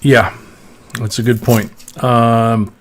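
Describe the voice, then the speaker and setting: A man's voice: mid-range voice, level tone, slow pace, noisy background. A man hosting a casual livestream, chatting easily and reading viewer comments aloud. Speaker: livestream host searching coins.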